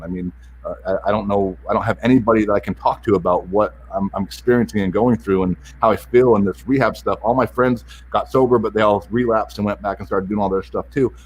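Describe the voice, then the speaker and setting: A self-help author appears as a podcast guest and, in a low, husky voice, recounts a painful personal story in the interview. Earnest and openly emotional, he speaks haltingly, often stopping and restarting sentences and repeating words.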